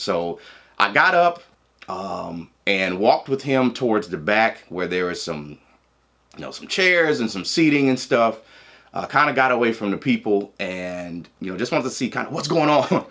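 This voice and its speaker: A man tells a personal story in a loose, casual way. His voice is fairly low but has a bright, forceful edge. He laughs often and acts out what people said. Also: measured pace. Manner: animated, laughing and acting out quotes. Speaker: vlogger telling a personal story.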